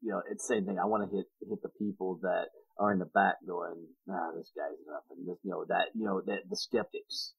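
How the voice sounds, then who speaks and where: A man with a fairly low voice hosts a relaxed podcast interview. He asks his questions in a casual, chatty way. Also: fairly quick, creaky, few pauses, breathy edge, lo-fi sound. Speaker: podcast host.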